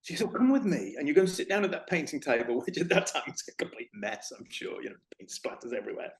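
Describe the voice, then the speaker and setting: A middle-aged man talks as an interview guest, his voice sitting a little high for a man. He tells his stories with energy and slips into the voices of the people in them. The sound bounces around a roomy space. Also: fast, creaky. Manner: animated storyteller, acts out shop conversations. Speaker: interview guest, former retail manager. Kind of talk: conversational interview. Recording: echoey room.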